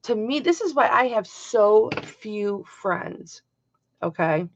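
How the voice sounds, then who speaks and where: A middle-aged woman hosting a live-stream jewelry auction, chatting casually and emphatically with her viewers, her voice swinging between loud and soft. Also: medium pitch, animated, slow, dry recording. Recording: dull lo-fi home stream audio.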